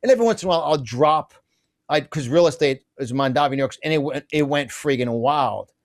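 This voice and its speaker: A middle-aged man with a slightly higher voice talks as an interview guest. His delivery is fiery and emphatic. He rushes through asides and often restarts his sentences. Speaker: guest, conservative business publisher. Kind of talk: fiery political interview talk.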